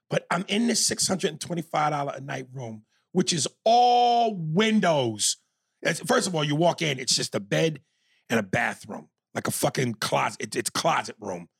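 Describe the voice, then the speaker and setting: A man from New York tells a long story on a podcast, cursing freely and slipping into quoted voices. His voice is gravelly with a husky, slightly rough edge. He keeps the story moving in an animated, casual rhythm. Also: on the high side, no room sound. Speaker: podcast co-host.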